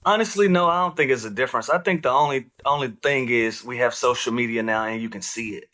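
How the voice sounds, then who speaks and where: A man as a guest on a basketball podcast, telling stories in a relaxed, animated way. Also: mid-range voice, fast. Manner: relaxed, animated storyteller, frequent fillers. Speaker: guest, retired basketball player. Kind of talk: casual interview storytelling.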